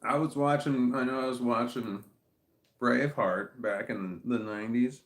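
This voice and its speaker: A man's voice: mid-range voice, steady tone, moderate pace, fairly bright tone. Man, American, casual livestream chat, profane, rambling, roomy echo. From United States. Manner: rambling and profane, with frequent restarts. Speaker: streamer reading live chat.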